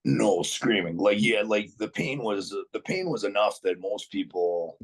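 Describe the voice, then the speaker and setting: A man's voice: on the low side, expressive, measured pace, slightly rough, low-quality recording. A man being interviewed as a podcast guest, telling a story casually and bluntly, swearing freely, restarting his sentences and chuckling along the way.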